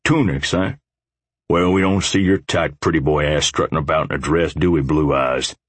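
A man voicing a crude, mocking biker in a storybook reading, with a deep, husky voice and a dry sound. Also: steady tone, normal speed, dry recording. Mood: taunting. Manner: crude, taunting.

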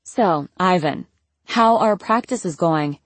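A woman's voice: on the low side, lively intonation, slow pace, dry recording. A woman reading an audiobook, voicing a pleasant, prying middle-aged mother who asks sweetly inquisitive questions. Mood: curious.

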